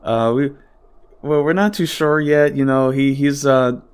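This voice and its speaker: An evasive male TV pundit, as a podcast host puts him on, pitched higher and slower than his usual talk. He halts, hedges and stalls on every phrase, burying each point in ums. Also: steady tone, clean tone, lightly acted. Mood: mock-evasive. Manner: halting, hedging, full of ums.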